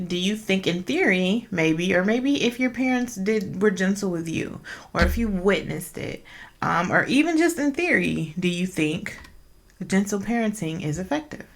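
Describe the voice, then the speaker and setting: A woman's voice: mid-range voice, animated, measured pace, creaky, fairly bright tone. Blunt, profane woman ranting on a podcast. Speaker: podcast host. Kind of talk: casual podcast monologue.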